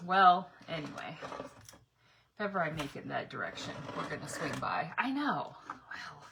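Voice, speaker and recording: A woman's voice: deep voice, sing-song, moderate pace, vocal fry. Chatty woman crafting on a livestream. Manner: chatty, rambling, laughs often. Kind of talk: casual live-stream chat while painting. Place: home yard or garage. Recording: noisy home livestream audio.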